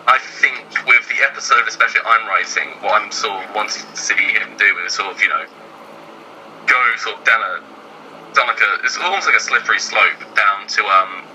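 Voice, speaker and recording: A man's voice: lowish voice, moderate pace, bright, forceful tone, a little hiss or hum, low-quality recording. A man talking as a guest writer in casual chat, hesitant and filling his speech with ums and "sort of".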